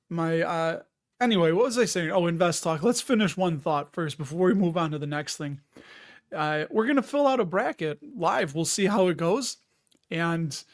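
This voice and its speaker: A man hosting a casual livestream, chatty and jokey, who wanders off topic. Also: high-pitched. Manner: rambling, jokey, loses his train of thought. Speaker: livestream host.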